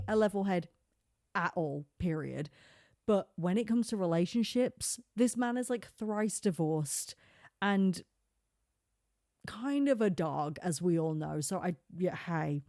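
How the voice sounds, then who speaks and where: A young adult woman hosting a casual solo podcast, chatty and animated, peppering her talk with "like". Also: fairly low pitch, dry recording, studio quality. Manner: chatty and animated, heavy use of filler "like", quick asides and laughs. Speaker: podcast host. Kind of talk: casual solo podcast chat about reality TV.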